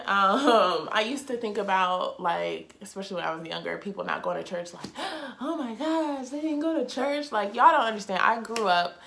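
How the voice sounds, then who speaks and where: A young woman vlogger speaks casually and openly to her viewers in a faith vlog, chatty, warm-hearted, confiding, and heartfelt. Her voice is fairly low and gravelly, with soft music in the background.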